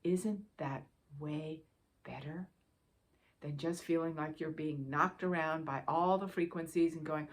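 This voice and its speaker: A woman spiritual teacher giving a gentle, reassuring guidance talk, speaking directly to her listeners and repeating key phrases for emphasis. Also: low-pitched, fairly even intonation, measured pace.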